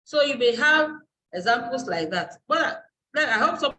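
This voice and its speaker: Woman teaching a live online class, bit high pitched, bright, stops to hunt for words. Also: lively intonation, moderate pace, rough recording. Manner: explanatory, searching aloud for terms. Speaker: university lecturer and dean.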